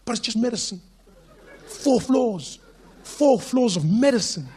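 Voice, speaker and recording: A South African stand-up comedian with a high voice, telling his stories with animated, playful energy. A faint hum of the room sits behind him. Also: a little slow.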